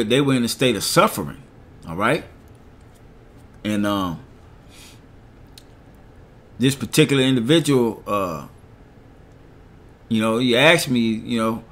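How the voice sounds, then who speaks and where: Black man preaching, slow verses. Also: mid-range voice. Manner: reads verses slowly, asks "all right?" after nearly every point. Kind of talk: scripture reading and commentary.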